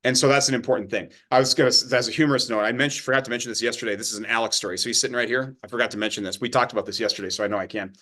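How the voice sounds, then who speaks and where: A man's voice: mid-range voice, steady tone, rapid-fire, hardly any pauses, a bit bright. A man teaching a Bible study in a loose, conversational way, checking in often with his listeners. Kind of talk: informal sermon teaching.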